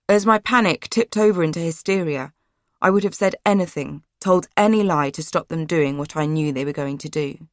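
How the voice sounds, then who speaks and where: A woman reads a first-person memoir in a low, measured, subdued voice. The sound is close and completely dry, like a treated audiobook booth. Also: dry recording. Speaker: audiobook narrator.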